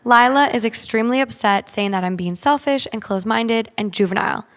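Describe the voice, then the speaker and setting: A woman's voice: a little high, fairly quick. A woman podcast co-host reading a listener's story aloud, then chatting casually about it with frequent "like". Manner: reads steadily, then chats with frequent "like". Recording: long hall reverb.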